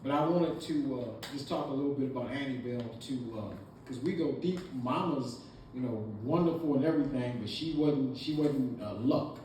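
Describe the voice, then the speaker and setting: Halting man speaking in an echoey hall. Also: mid-range voice, darkish tone. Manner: halting, full of "uh" fillers. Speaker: son giving a birthday tribute. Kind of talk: family speech. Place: family party in a hall. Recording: echoey room, mic far off, noisy.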